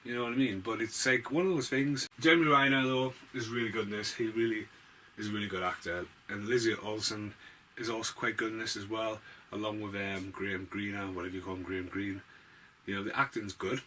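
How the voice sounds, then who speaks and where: A man's voice: fairly low pitch, steady tone, fairly quick, sharp tone, a little hiss or hum. A man giving a casual, rambling film review vlog, blunt and full of swearing.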